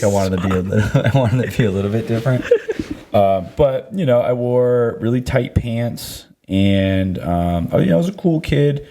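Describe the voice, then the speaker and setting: Casting: man, low voice, loose rambling comedy-podcast host, filler-heavy delivery. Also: warm tone. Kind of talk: casual comedy podcast chat.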